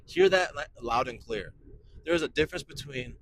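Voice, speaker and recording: A man in his forties hosts a casual podcast as a pastor. He is enthusiastic and emphatic and hammers phrases home by repeating them. His voice sits a little high over a faint hiss of noise. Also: brisk, fairly bright tone, rough recording. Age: 40s.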